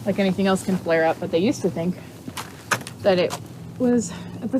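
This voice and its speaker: Young woman, chatty instructor at the barn, easy middle pitch, faint ambience. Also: normal speed, background noise. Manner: chatty, explains freely, coos softly to the horse. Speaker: equine exercise instructor. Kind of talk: casual instructional talk while working a horse. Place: at a horse barn or paddock.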